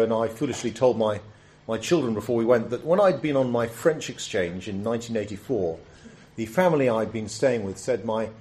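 Middle-aged guy preaching, reads scripture then chats it through with lots of uh and restarts, mid-pitched voice. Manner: conversational with frequent restarts and fillers; solemn scripture reading, hushed prayer. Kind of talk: sermon with scripture reading.

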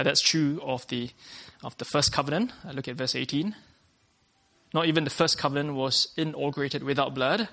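A male preacher with a gravelly, creaky voice delivers an earnest sermon at a mid pitch. He often restarts a phrase and opens lines with "uh," restating each point as he goes. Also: fairly bright tone.

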